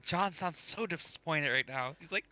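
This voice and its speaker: Bright, laughing, chatty young-sounding man. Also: a little high, moderate pace. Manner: chatty, laughs often, teasing. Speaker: player. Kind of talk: casual tabletop game chat.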